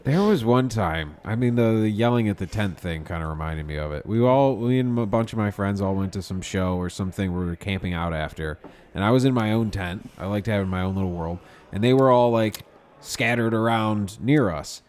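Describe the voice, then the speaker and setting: A man, a guest on a podcast, telling a lively anecdote in casual chat. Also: on the low side, a little fast. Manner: animated anecdote teller, acts out shouts.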